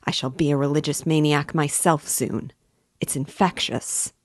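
A woman's voice: low voice, steady tone, normal speed, dry recording, clean studio sound. A woman voicing a brooding, feverish young male student in a novel read aloud; he mutters and insists.

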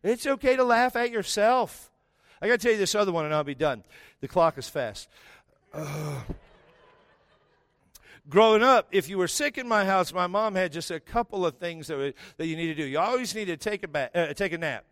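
Man, middle-aged, preacher, comic storytelling, slightly high voice, dry sound. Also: expressive, a bit bright, no echo. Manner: joking, self-deprecating, quick asides. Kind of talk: humorous sermon storytelling.

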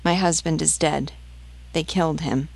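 A woman's voice: low-pitched, fairly even intonation, normal speed, vocal fry, no room sound. A woman reading the part of a desperate peasant mother hunting for her stolen children, pleading and insistent.

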